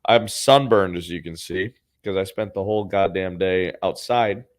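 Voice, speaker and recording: A man's voice: low-pitched, moderate pace. A man hosting a podcast, telling a story in a casual, sardonic and profane way. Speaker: podcast host.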